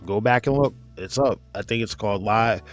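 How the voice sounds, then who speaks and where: A man's voice: fairly low pitch, normal speed, faint music behind. A man in his forties hosting a casual chat, telling a rambling, profane story and acting out his friends' lines with a laugh. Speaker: podcast host.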